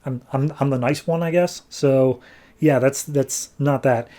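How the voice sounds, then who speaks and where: A man's voice: mid-range voice, steady tone, unhurried, warm tone, natural voice. A man voicing a cheerful, easygoing female vigilante who uses a wheelchair, with a chatty, rambling manner. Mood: friendly.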